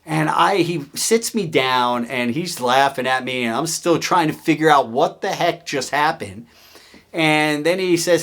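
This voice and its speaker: A man hosting his own show, telling a story about his career in a casual, animated way and acting out the people he quotes. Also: mid-range voice, normal speed. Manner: animated, acts out quoted voices. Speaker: host.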